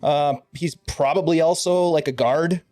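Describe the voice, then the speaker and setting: A man's voice: a little high, steady tone, measured pace, dark tone, no room sound, studio quality. A man narrating a tabletop game as game master, rambling through restarts. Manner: rambling, many restarts and fillers.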